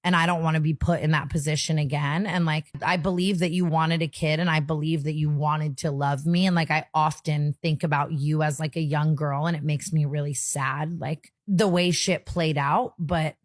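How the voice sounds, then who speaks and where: A woman's voice: low voice, steady tone, moderate pace, few pauses, dry recording. A young woman in her twenties hosting a podcast, telling a painful family story in casual chat, close to tears and heavy on fillers. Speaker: podcast host.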